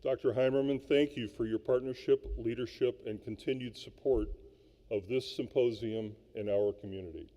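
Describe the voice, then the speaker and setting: A man co-chairing a symposium, reading a formal, measured welcome and introducing speakers at a luncheon. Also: medium pitch, warm tone. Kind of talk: formal scripted welcome speech. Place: large hall at a luncheon. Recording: echoey hall, dull lo-fi sound.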